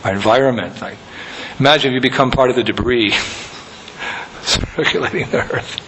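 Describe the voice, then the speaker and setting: A man giving a conversational sermon as a spiritual teacher, telling anecdotes with soft laughs. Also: medium pitch, normal speed, heavy background noise.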